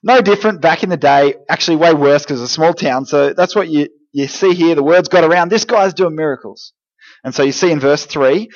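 A man giving a lively, jokey youth group talk, speaking straight to teenagers. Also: on the high side, moderate pace, muffled recording. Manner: energetic, jokey, direct address to teens. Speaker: youth pastor.

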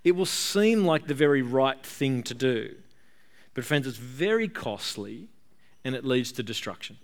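A man's voice: medium pitch, big pitch swings, measured pace. A man preaching a sermon in a conversational, emphatic way, often repeating words and using fillers. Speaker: pastor.

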